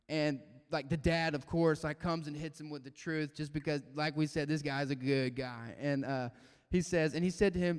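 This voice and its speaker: A young man speaks casually to a youth group, dropping "like" into nearly every phrase. His voice sits a little high and comes across smooth and resonant. A long hall reverb trails behind each phrase. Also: normal speed. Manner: casual, animated, constant "like" fillers. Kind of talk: casual youth devotional talk.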